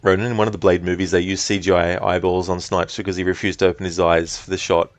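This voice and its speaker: Low-voiced man chatting on a game stream. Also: quick pace, no echo. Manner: relaxed, chatty, reads chat aloud, swears, laughs often. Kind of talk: casual live-stream chat.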